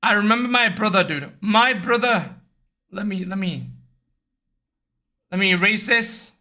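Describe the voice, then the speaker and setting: A young man streaming, chatting casually and telling animated stories with lots of swearing, raising his voice to act out other people. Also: high-pitched, measured pace. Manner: animated storytelling, acts out others in raised voice, swears often. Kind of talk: casual livestream chat.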